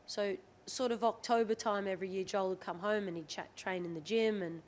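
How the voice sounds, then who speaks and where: A woman's voice: mid-range voice, brisk, a little hiss or hum. An Australian woman in her thirties, a rugby league player, telling candid stories as a podcast guest, often quoting what others said. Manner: candid, chatty, lively retelling with quoted dialogue. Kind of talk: podcast interview storytelling.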